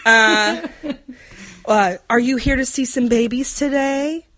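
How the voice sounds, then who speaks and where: A woman puts on a chirpy Southern nurse at the front desk, greeting folks in a high, honeyed drawl with a Southern US accent. The voice sits well above her own and brims with welcome. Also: steady tone, normal speed, no room sound, natural voice. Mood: sweetly welcoming.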